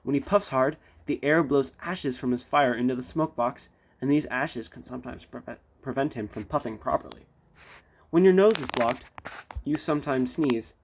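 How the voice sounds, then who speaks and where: A man's voice: medium pitch, moderate pace, a little hiss or hum, close to an everyday voice. A man voicing a sensible engine driver who explains things steadily in a storybook reading. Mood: calm. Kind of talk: storybook read-aloud.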